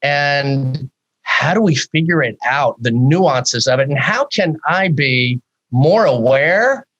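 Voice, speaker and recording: On dull-sounding audio, a fifty-something male psychologist talks slowly in a fairly high voice as a podcast interview guest. His manner is frank and lively, with plenty of rhetorical questions.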